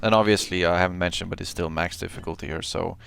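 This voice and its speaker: Male streamer, deep and gravelly, cursing and yelping through his gameplay commentary. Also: fast, slight background noise. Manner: excitable, swings between muttering and yelling; curses often.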